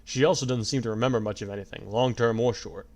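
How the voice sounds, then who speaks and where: A man's voice: medium pitch, fairly even intonation, fast talker, close to an everyday voice. A man voicing a big, easygoing fellow who explains things in a laid-back, reassuring way. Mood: explaining.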